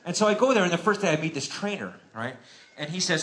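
A man doing a stand-up routine, telling a story in a profane way with quick acted-out dialogue. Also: a little high, big pitch swings, a bit bright. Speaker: stand-up comedian.

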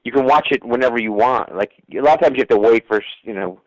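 A man, a guest comedian, telling a story in a relaxed, rambling way with lots of "um"s and "you know"s. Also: medium pitch, fast, no room sound, lo-fi sound. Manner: relaxed, rambling, many fillers. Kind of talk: casual storytelling.

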